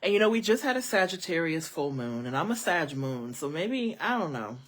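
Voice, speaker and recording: Woman tarot reader, live stream; low voice, very animated pitch, chatty. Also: moderate pace. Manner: chatty, animated, lots of fillers, speaks to viewers as y'all. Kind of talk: casual live-stream reading.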